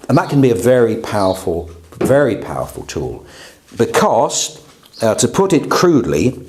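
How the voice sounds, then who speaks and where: A man, a pastor, teaching a class on preaching in a conversational way, often checking in with his listeners. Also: medium pitch. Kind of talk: lecture to a class.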